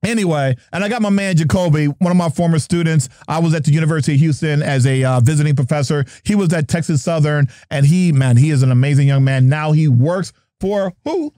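A man's voice: a little high, brisk, few pauses, dark tone, no room sound, clean studio sound. A middle-aged man from New Jersey hosting his podcast in a playful, jokey, hype manner. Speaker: podcast host. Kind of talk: lively podcast chat.

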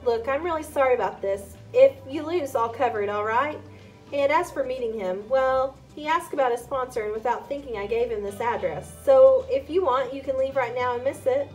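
Patient money adviser, apologetic, careful, explaining, voiced by a woman, slightly high. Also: normal speed, faint music behind, natural voice. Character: adult man, careful apologetic investor.

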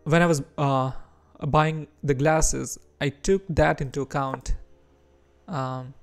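Indian man, chess streamer, slightly high voice, slow chatty delivery, faint music under him. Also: fairly even intonation. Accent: Indian English with American and British touches. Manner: unhurried, chatty, reacts aloud to his own moves. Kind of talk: casual live-stream chat while playing chess.

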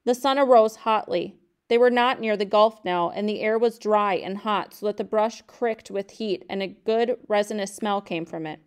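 A woman reads a novel aloud at a calm, measured pace. Her voice is smooth and clear, sitting in a middle pitch, with an even, unhurried delivery. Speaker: reader of a novel.

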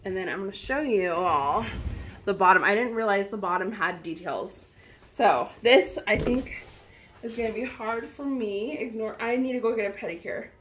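A woman's voice: mid-range voice, animated, moderate pace, a bit bright, a little hiss or hum. A young woman vlogger chatting casually to her viewers as she tries on clothes at home, gushing and talking straight to camera. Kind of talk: casual try-on haul chat.

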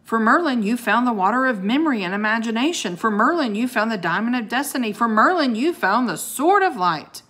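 A woman voicing a gruff, commanding old male ice wizard who bellows and growls. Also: a little high, animated, fairly quick, few pauses, fairly bright tone, pitched above the performer's own voice.

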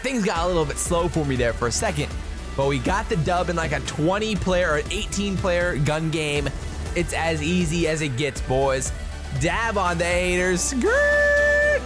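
A young gaming YouTuber with a slightly high voice trash-talks excitedly while commentating on his own shooter gameplay, with game music and gunfire playing behind him.

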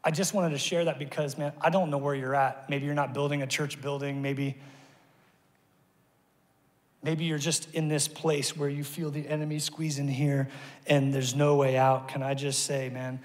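Male pastor, slightly raised pitch, preaching in a church hall with long reverb; lively storyteller who shouts at peaks and goes hushed in prayer. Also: moderate pace. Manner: animated storytelling, voice rising to shouts at peaks, dropping soft in prayer. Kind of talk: sermon. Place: church auditorium.

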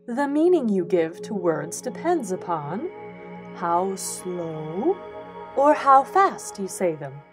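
A woman reading a children's book aloud in an expressive way, acting out the quoted lines. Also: medium pitch, takes it slowly. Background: instrumental music.

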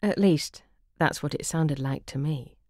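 A woman reading her travel memoir aloud as narrator, dry and wry in a measured way. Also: low-pitched, darkish tone, no room sound.

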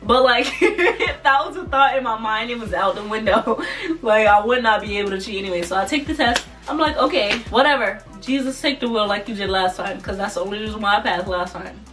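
A young adult woman telling a personal story in a casual, animated vlog, laughing often as she talks. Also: a little high, a little fast, distant mic. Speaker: vlogger. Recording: voice a bit off-mic, faint music behind.

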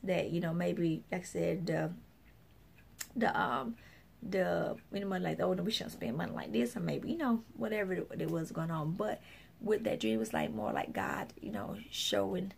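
Woman, minister, very gravelly voice, casual rambling testimony, lots of fillers. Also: lowish voice, lively intonation, normal speed, slight background noise. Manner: rambling, full of fillers and restarts; acts out other people's remarks.

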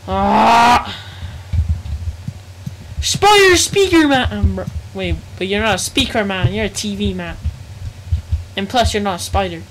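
A woman's voice: medium pitch, fairly even intonation, normal speed, noisy background. A woman live-streaming a game, chatting casually in slangy speech and reacting aloud to chat.

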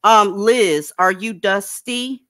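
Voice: medium pitch, slow pace, a bit bright. A livestream host talking offhandedly and swearing while handling tech trouble. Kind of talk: casual livestream chat.

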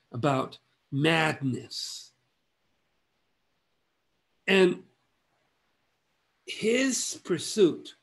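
A man giving an illustrated art history lecture in measured, halting phrases broken by long pauses. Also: on the high side, vocal fry.

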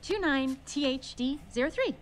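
An actress playing an eager, determined young female bunny police officer, earnest, brisk and upbeat. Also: high voice, animated, a crowd in the background. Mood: patient.

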